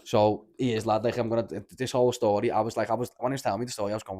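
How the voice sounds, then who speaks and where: Fast-talking Scouse man, low voice. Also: fairly even intonation, darkish tone. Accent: Liverpool (Scouse). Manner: rambling, sweary, says "lad" constantly. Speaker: podcast host. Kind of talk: casual chat, storytelling.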